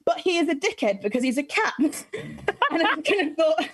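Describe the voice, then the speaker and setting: A woman on a comedy panel telling a story in a giggly, animated, sweary way over a video call from home. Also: high voice, moderate pace. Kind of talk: comedic storytelling on a live stream.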